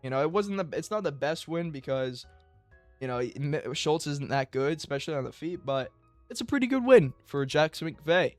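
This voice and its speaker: A young man rambles through a candid fight recap, his voice a touch high and smooth. It sounds close and dry, with faint music playing underneath. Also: expressive, moderate pace. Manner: rambling and candid, with frequent filler words. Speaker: MMA commentary YouTuber. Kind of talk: casual solo fight recap.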